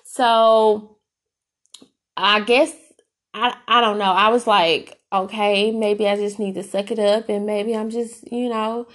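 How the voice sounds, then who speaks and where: A woman's voice: mid-range voice, steady tone, slow, fairly bright tone. A young adult woman hosting a podcast, telling personal stories in a candid, casual way with fillers and restarts. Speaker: podcast host.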